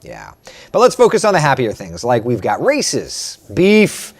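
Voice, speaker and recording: A meteorologist hosting a casual live morning chat, reading viewer comments aloud and answering them. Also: male voice, medium pitch, huge pitch swings, normal speed. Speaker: meteorologist host.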